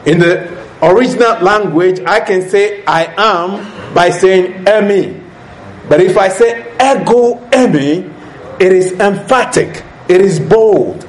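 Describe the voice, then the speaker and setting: Male preacher, high voice, unhurried sermon delivery, echoey room. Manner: deliberate, asks rhetorical questions to the listeners. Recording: echoey room with faint ambient noise.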